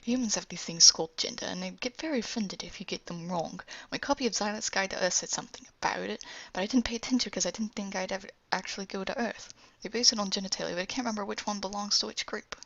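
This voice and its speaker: A woman's voice: medium pitch, fast talker, creaky, fairly bright tone, no room sound. A woman voicing an impatient, fussy male alien who explains things in a hurry, on a lo-fi recording. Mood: hurried. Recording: dull lo-fi home recording.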